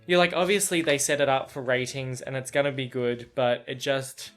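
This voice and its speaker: A man's voice: medium pitch, fairly even intonation, moderate pace, faint music behind. A man chatting casually in a reaction vlog about a book chapter, rambling with lots of fillers, restarts and swearing.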